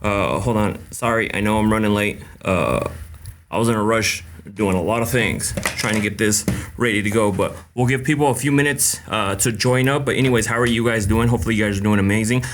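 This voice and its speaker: A young man hosting a casual livestream, greeting viewers by name with lots of fillers and quick Spanish greetings. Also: fairly low pitch, fairly bright tone, slight background noise. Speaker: livestream host.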